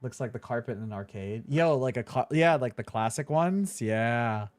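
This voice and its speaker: Animated young man streaming a game. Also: medium pitch, moderate pace, no echo, soft background music. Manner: chatty, laughs easily, swears casually. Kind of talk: casual let's-play commentary.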